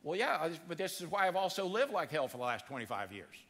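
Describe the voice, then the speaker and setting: A man preaching a sermon in a church, acting out the voices in his story with dramatic swings of pitch. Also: quick pace, in a large hall. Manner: animated, acts out quotes with big pitch swings. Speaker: pastor. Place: church sanctuary.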